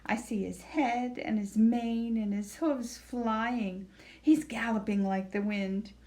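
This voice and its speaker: A self-important horse who snorts and settles arguments his own way, as a woman puts him on. He speaks slowly with a lowered voice. A picture-book farmyard know-it-all. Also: fairly even intonation, dark tone. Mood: pompous. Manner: snorting, plodding.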